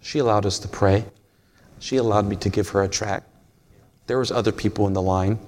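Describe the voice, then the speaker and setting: A man's voice: lowish voice, steady tone, brisk, a little mellow. A man preaching a sermon in a folksy, storytelling way, joking with the congregation.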